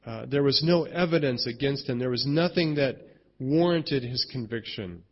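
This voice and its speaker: A man's voice: medium pitch, normal speed, slightly rough, lo-fi sound. A man preaching a sermon in a conversational way, often asking "right?" and restarting his sentences. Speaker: pastor.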